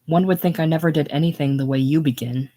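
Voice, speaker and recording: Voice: mid-range voice, fairly even intonation, fast, warm tone, close to an everyday voice. A curt, resentful businessman husband from an audiobook , read by the narrator. He answers short and defensive. The voice stays near the plain reading voice. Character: irritated middle-aged businessman husband.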